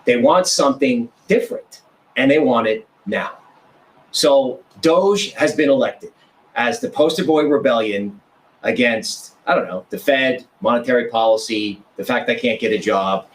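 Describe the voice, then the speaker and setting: A man joining a casual roundtable as a guest. He speaks in short, punchy phrases and states his views firmly, at an ordinary pitch. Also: measured pace, poor audio. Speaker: guest panelist.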